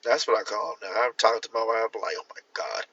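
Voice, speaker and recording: Bright-voiced man ranting on a livestream. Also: lowish voice, very fast, slightly rough, no room sound, recorded from a distance. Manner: animated, laughing, acts out quoted voices. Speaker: livestream host. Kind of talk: casual livestream rant. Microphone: phone. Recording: dull lo-fi phone audio.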